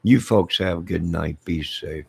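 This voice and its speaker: A man's voice: sits low, unhurried, creaky, dark tone, breathy edge, dry recording. A man hosting a YouTube channel, rambling in casual live-stream chat with his viewers and repeating friendly sign-offs.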